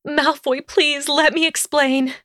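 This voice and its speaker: A woman reading an audiobook and voicing a distraught young witch who stammers and pleads in a high, tearful voice. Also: flat delivery, slow, bright, forceful tone, no room sound, clean studio sound, exaggerated voice. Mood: pleading. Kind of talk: audiobook character voice.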